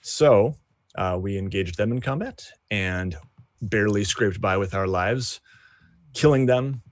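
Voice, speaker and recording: A man with a lowish voice recaps a tabletop session, stopping often with fillers. The sound is dry and close. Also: measured pace, no room sound. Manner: hesitant, many fillers. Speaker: player. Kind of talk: casual tabletop game chat.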